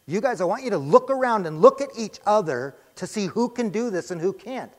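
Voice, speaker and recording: Guy preaching in a church, pretty high voice, asks "why?" then answers it, long echo trailing off the hall. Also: expressive, a little fast. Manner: emphatic, answers his own rhetorical questions. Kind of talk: sermon. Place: church sanctuary.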